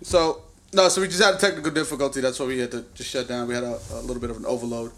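A man's voice: medium pitch, fairly even intonation, very fast, fairly bright tone. A young man hosting a casual livestream chat, laid-back and profane, rambling with frequent restarts. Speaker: podcast host.

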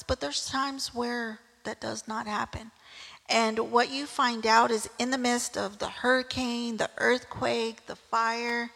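A woman's voice: on the high side, creaky, fairly bright tone, long reverb tail. A woman preaching a casual sermon, telling the story in a chatty way with frequent "right?" asides.

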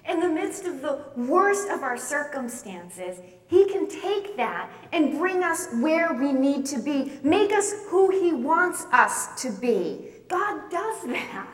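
A woman's voice: high-pitched, very animated, slow pace. A woman preacher giving a sermon, telling stories with emphatic, swelling delivery. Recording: echoey hall, voice from far off.

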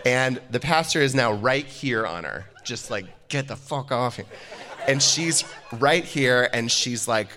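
A man telling a personal anecdote in an animated way, laughing often as he goes. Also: mid-range voice, measured pace, hardly any pauses, crowd noise.

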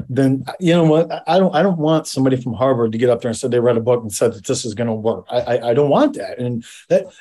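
A man's voice: medium pitch, dark tone. A middle-aged man, a medically retired police officer, telling his story as an interview guest in a rambling, casual way with frequent repeats and salty language.

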